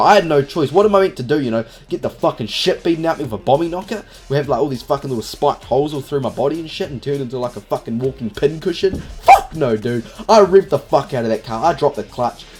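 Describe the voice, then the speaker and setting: A man's voice: mid-range voice, darkish tone. A young man telling a rambling story in a casual vlog, swearing constantly and filling every gap with "you know". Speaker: vlogger.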